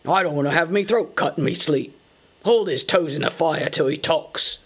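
A man's voice: fairly high pitch, normal speed, a bit bright, breathy edge, pitched above the performer's own voice. A man voicing a cruel, quarrelsome male troll with coarse, slangy speech. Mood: menacing surly. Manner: coarse, slangy dialect talk.

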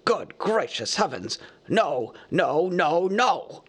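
A man reading a storybook aloud, voicing Gandalf, an old male wizard who lectures in a measured, easily cross way. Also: on the high side, big pitch swings, a bit bright, voice pushed up, heavily acted.

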